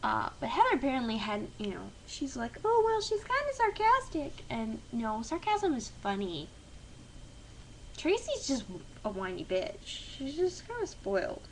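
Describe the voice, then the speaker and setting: A woman's voice: on the high side, big pitch swings, unhurried, slight background noise, poor audio. A woman teacher telling a story to camera in a blunt, sarcastic, chatty way. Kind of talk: casual storytelling vlog.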